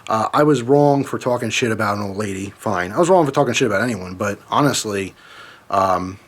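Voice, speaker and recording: A man's voice: fairly low pitch, expressive, brisk. A young man telling a personal story in a casual vlog, rambling and swearing, with lots of fillers and restarts. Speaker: vlogger.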